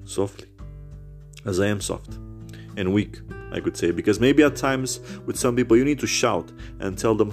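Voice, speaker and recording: Man, deep creaky voice, phone-recorded rant podcast; bitter, rambling, foul-mouthed. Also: expressive, moderate pace, darkish tone, faint music behind. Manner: bitter, rambling, swears heavily. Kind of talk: personal rant.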